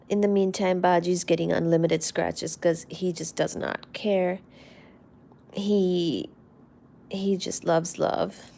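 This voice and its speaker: Woman streamer, unhurried fond rambling, gravelly fry, trails off to near-whispers. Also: fairly low pitch, level tone. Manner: soft, affectionate, rambling, often drops to a near-whisper. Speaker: livestream host. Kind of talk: casual live-stream chat about her cats.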